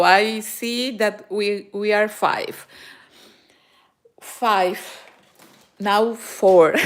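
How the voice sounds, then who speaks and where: A woman with a Spanish accent, a native Spanish speaker, hosting a casual crochet live chat in halting English with many fillers. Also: mid-range voice. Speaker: crochet channel host. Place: home in Germany.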